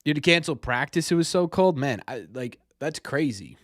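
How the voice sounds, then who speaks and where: A man's voice: fairly high pitch, expressive, normal speed, no echo, studio quality. A young man hosting a casual sports live stream, talking through viewers' questions in a rambling way and often stumbling over and repeating his words. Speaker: sports podcast host.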